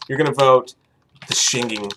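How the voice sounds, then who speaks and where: A young man co-hosting a live horror stream and running the audience vote, excitable and profane, bursting into shouts. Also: mid-range voice, moderate pace, slight background noise. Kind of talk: crude casual banter.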